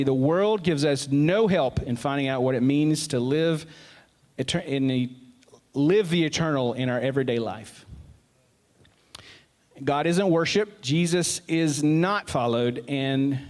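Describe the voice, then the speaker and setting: A man's voice: mid-range voice, darkish tone. A man preaching a sermon in a conversational way, with asides and self-corrections, and more emphasis when he reads scripture aloud.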